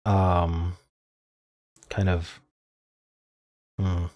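A man solving a crossword out loud, muttering clues and thinking aloud in an unsure, self-questioning way. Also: deep voice, unhurried, husky. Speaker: puzzle-solving video creator.

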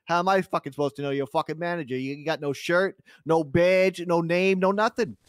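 A man's voice: a little high, fairly even intonation, brisk, clean tone, no echo, studio quality. A man in a rowdy improvised role-play, swearing heavily as he argues.

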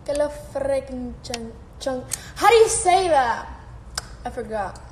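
With lively intonation and a somewhat mellow, high voice, a teenage girl speaks a little slowly on a live stream, chatting casually and responding to fans' comments. Laughter comes often, and so does swearing. Faint background noise sits under an echoey room sound.

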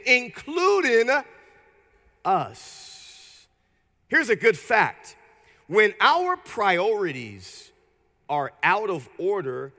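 A man pastor preaching an energetic sermon in a church, leading the congregation in call-and-response. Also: high voice, big-room sound. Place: church sanctuary.

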